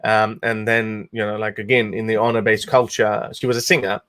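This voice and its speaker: A man's voice: on the low side, level tone, moderate pace, a bit bright. A man hosting a livestream, talking casually in an amused, sarcastic way with frequent laughs and restarts. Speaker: host.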